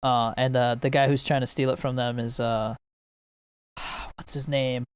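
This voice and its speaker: A man's voice: medium pitch, little pitch movement, unhurried, clear, resonant tone, no echo. A young man chatting casually on a podcast, rambling about movies with lots of laughs and playful impressions. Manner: rambling, laughs a lot, mimics movie scenes. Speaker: podcast co-host. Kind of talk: casual chat between friends.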